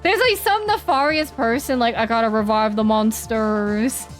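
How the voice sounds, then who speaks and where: A woman streaming a game, chatting casually and reading the dialogue aloud in quick playful voices. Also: a little high, soft background music.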